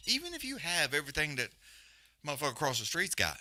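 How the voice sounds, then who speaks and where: A man's voice: on the high side, huge pitch swings, fast, pushed and bright. A man hosting a live show, ranting bluntly with constant swearing and emphatic repetition. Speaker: podcast host. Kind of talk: profane rant on a live stream.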